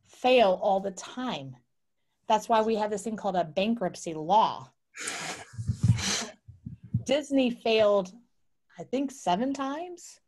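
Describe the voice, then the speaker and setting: Middle-aged woman, interview guest, animated storyteller, mid-pitched voice. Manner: animated, acts out quoted voices. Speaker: guest entrepreneur.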